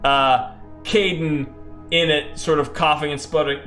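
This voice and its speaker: A man's voice: a little high, steady tone, moderate pace, a bit bright, roomy sound, faint music behind. A man narrating his own solo tabletop game in a loose, rambling way, full of fillers.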